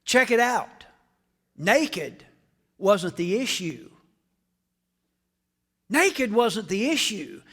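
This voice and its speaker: A man preaching a sermon in a high, bright voice, taking his time over each phrase. He calls out to the congregation for responses. His delivery moves from quiet, hushed stretches up to ringing peaks. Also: sing-song, very slow, pauses often. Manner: call-and-response preaching, swells from hushed to shouting. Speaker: pastor.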